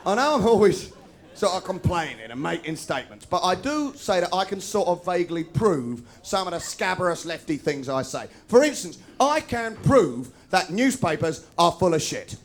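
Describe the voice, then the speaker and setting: A sharp-tongued comedian rants his way through a live stand-up set. His voice sits high and carries a gravelly rasp. He spits out sarcastic asides at speed and flares into sudden shouts. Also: big pitch swings, moderate pace, a little hiss or hum. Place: students' union bar with live audience.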